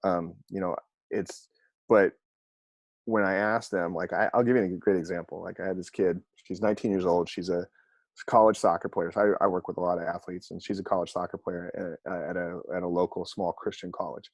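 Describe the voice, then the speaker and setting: A man guest on a podcast, a counselor who works with athletes, telling stories in an animated way and acting out the dialogue. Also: low-pitched, fairly quick, no room sound. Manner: animated, acts out quoted dialogue. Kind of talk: conversational storytelling.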